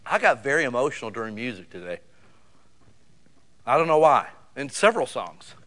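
A middle-aged man preaching a sermon, animated, with loud bursts and sudden drops to quiet. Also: medium pitch, normal speed. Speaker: pastor.

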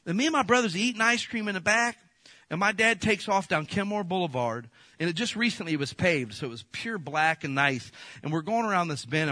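A middle-aged pastor telling a personal story in a sermon, acting out quotes and rising to loud bursts. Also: male voice, a little high, dry recording.

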